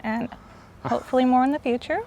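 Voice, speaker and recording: A woman's voice: sits high, steady tone, fast talker, gravelly, a little mellow, a little hiss or hum. A woman in her forties telling a guest how much her work means to her, earnest and close to tears. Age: 40s. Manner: earnest, gushing, near tears. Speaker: host. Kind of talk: emotional fan tribute.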